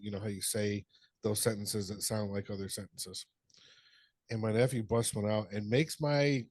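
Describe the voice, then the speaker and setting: A man's voice: lowish voice, darkish tone, no room sound. A middle-aged man co-hosting a podcast, chatting casually, telling funny stories, laughing and swearing freely. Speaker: podcast co-host. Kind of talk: casual chat.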